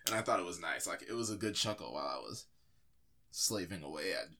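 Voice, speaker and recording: A low-pitched man with a lively, fast delivery and a sharp edge co-hosts a podcast. He chats casually about movies, rambling, stuffing his talk with fillers and often starting over.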